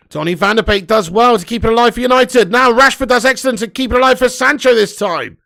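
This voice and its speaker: A man's voice: extremely high pitch, lively intonation, moderate pace, gravelly, long pauses, sharp tone. A young man hosting a live football watch-along, commentating and ranting with lots of swearing. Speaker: fan watch-along host.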